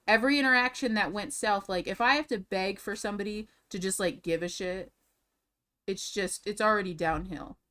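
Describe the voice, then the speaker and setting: A woman's voice: medium pitch, normal speed, a bit bright. A young woman streamer ranting in a casual, profane, exasperated way, repeating herself as she talks from a room at home. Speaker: streamer reacting to drama videos.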